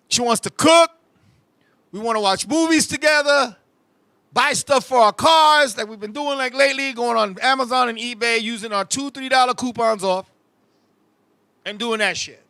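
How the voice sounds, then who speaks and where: A man hosting a talk show, telling profane, animated comic stories in casual chat and constantly addressing his co-host. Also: very high-pitched, normal speed, no room sound.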